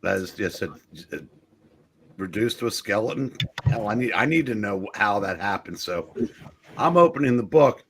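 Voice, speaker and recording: A man's voice: on the low side, lively intonation, normal speed, fairly bright tone, a little hiss or hum. A man in a casual chat, making dry jokes.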